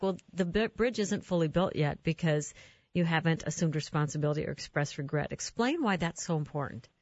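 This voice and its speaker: A woman hosting an interview conversation, engaged and quick to laugh as she asks follow-up questions. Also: on the low side, no echo, lo-fi sound. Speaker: host.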